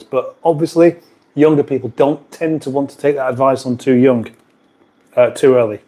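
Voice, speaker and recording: A man's voice: mid-range voice, dark tone. A British man hosting a casual live stream from a kitchen, chatting in a rambling way and reading out viewer comments. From United Kingdom.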